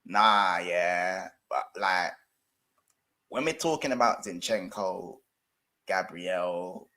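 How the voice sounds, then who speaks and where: A man's voice: low-pitched, slow, bright, forceful tone. A young man, chatting casually and jokily about football on a stream, full of slang and fillers. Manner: slangy, lots of fillers, jokey. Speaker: football channel host.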